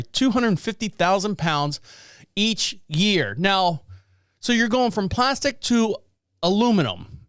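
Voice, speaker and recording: Male podcast host, high smooth voice, dry close sound, sarcastic rambling news riffs. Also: fairly bright tone, no echo. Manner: sarcastic, rambling, laughs at own jokes. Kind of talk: casual news commentary.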